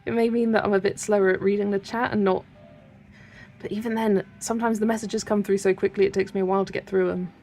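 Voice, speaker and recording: Gravelly-voiced West Country woman chatting. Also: medium pitch, little pitch movement, fast talker, faint music behind. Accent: West Country English. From Wiltshire, England. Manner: chatty, rambling, soft asides while working. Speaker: colouring livestream host. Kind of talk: casual livestream chat while colouring.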